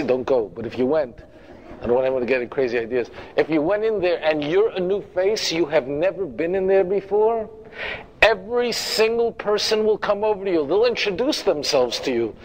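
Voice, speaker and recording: A man's voice: on the high side, animated, normal speed, muffled recording. A man giving a lecture as a rabbi, speaking emphatically, repeating his phrases and turning to the audience with direct asides. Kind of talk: lecture to a congregation.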